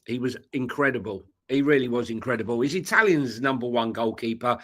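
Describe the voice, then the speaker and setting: A man co-hosting a live football show in a relaxed, conversational way. His voice is bright and forceful at a middling pitch. He hesitates a lot, trailing off on fillers before finishing his thought. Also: fairly quick. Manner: hesitant, many fillers and restarts. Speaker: co-host of a football podcast. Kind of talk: casual live-stream chat.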